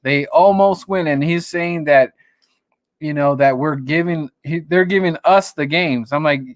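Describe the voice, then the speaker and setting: A man's voice: a little high, a little slow, no room sound, clean studio sound. A man hosting a live call-in stream, chatting casually and greeting viewers in a rambling way. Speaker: host.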